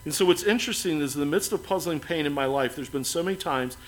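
A male pastor delivers a sermon earnestly, building up to emphatic lines before dropping soft and quiet. His voice sits on the high side and moves quickly, and the audio quality is poor.

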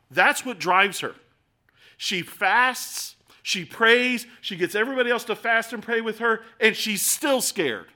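A middle-aged man preaching a sermon in a conversational, animated way with acted asides. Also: sits high, normal speed. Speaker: pastor.

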